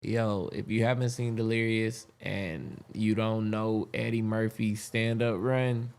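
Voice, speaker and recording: A relaxed male podcast host talks casually between comedy clips. His voice sits low with a gravelly edge. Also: measured pace, hardly any pauses. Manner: laid-back, reacting to clips. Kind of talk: casual chat.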